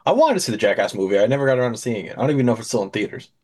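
A man's voice: medium pitch, very animated, very fast, darkish tone. A man who is a regular on a casual podcast, answering in an easygoing way. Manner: brief, easygoing replies.

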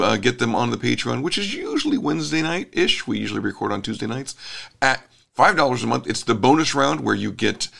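A man hosting a casual podcast, telling stories in a relaxed, rambling way. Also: medium pitch, gravelly. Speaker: podcast host.

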